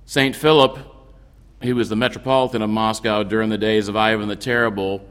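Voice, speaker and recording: A man delivering a sermon as a priest, explaining scripture in a measured way with occasional restarts. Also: on the low side, steady tone, a bit bright, smooth, long reverb tail. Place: church.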